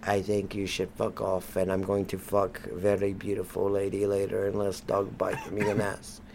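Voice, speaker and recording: A man voicing a crude Russian man named Ivan, who mutters in broken English in a low voice. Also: completely flat delivery, moderate pace, gravelly, darkish tone. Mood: gruff.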